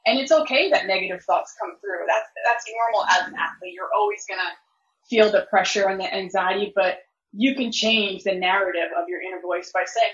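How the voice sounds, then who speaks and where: A woman's voice: mid-range voice, a little fast, fairly bright tone, lo-fi sound, slight background noise. A woman talking earnestly in a podcast discussion, explaining how to handle emotions in sport.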